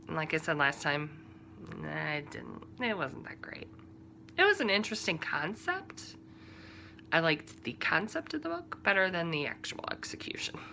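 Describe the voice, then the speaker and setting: A low-pitched woman with a bright, forward tone chats casually as a podcast host at home. She rambles along with fillers and quiet asides, and a faint hiss sits behind her voice. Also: big pitch swings, normal speed, gravelly. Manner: chatty and rambling, full of fillers and soft asides. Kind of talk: casual chat about books, TV and crafting.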